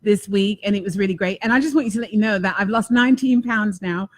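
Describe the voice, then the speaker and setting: Woman, talk show host, effusive, emphatic, repeats for emphasis, mid pitch, dry sound. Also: quick pace, dry recording. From United States. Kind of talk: casual enthusiastic talk show.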